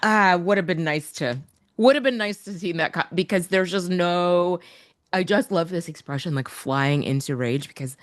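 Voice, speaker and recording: A woman co-hosting a podcast in casual chat, wry and quick to laugh, swearing offhandedly. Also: lowish voice, no room sound, studio quality. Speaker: podcast co-host.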